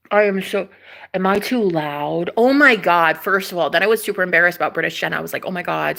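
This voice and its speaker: A young woman telling a personal story in a casual, chatty way, swearing freely and acting out what others said. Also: mid-range voice. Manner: animated, chatty, swears freely, acts out quoted voices.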